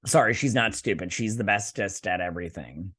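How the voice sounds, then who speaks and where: A man hosting a casual review, retelling an episode with sarcastic asides and quick put-on voices for the characters. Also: lowish voice, a bit bright, husky. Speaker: host.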